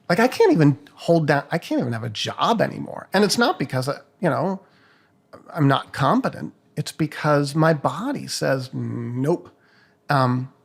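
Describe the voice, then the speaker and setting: An older man talks as a guest on a podcast, candid and reflective, dropping the odd curse. His voice is gravelly with plenty of fry and sits a touch high for a man. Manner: frank, reflective, swears freely. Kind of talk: casual interview conversation.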